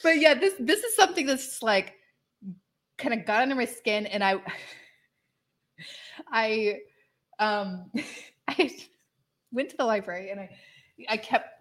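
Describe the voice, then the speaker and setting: A woman chatting casually on a podcast, enthusiastic and rambling, with many "like" fillers and frequent laughter. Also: medium pitch. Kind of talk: casual chat.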